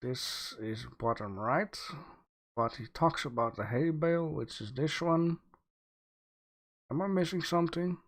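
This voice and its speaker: A man hosting a livestream, giving relaxed art feedback with many fillers, thinking aloud as he goes. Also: a little high, a little slow, long pauses. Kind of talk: casual livestream commentary.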